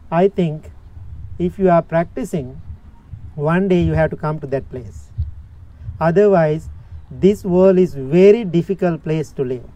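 A man giving a Buddhist dharma talk, telling a story in simple, slow phrases and often asking his listeners questions. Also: on the high side, mellow, muffled recording. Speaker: Buddhist teacher.

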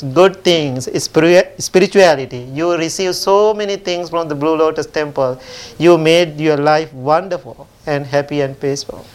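A man teaching at a temple, telling a parable in a gentle storytelling sermon with simple phrasing. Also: fairly high pitch, clear, resonant tone.

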